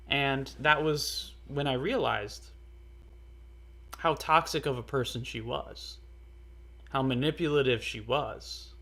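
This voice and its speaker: A young man telling a personal story in a casual, earnest way, halting often with fillers and restarts. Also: medium pitch, creaky, bright, forceful tone. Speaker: storyteller vlogger.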